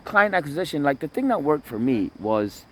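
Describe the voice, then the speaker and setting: A man's voice: fairly high pitch, sing-song, normal speed, a crowd in the background. A man talking casually to his phone camera while walking by water in a park, rambling, swearing and repeating himself. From Toronto area. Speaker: vlogger. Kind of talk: casual outdoor vlog monologue. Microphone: phone camera held by himself.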